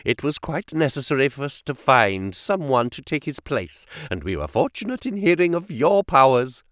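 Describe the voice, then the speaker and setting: A man voicing a cruel, older captor who giggles nervously and speaks with quiet menace. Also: medium pitch, very animated, normal speed, no echo, clean studio sound. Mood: menacing.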